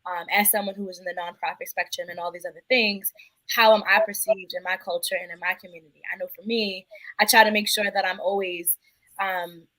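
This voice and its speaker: Woman, nonprofit worker, thoughtful, brisk pace. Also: mid-range voice, a bit bright, dry recording, low-quality recording. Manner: thoughtful, reflective. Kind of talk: casual group discussion.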